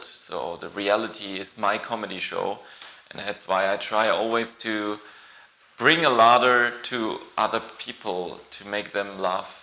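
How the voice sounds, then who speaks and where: A male actor introducing himself to camera, halting and playful, with many pauses. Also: lowish voice, bright, forceful tone, reverberant, slight background noise, poor audio.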